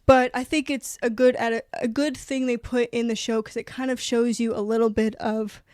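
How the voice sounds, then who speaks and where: Young woman gushing over a romance book, kinda high voice, rambly, swears a lot, dry close sound. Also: moderate pace, no room sound. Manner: rambling, profane, animated. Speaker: book reviewer. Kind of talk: casual chat.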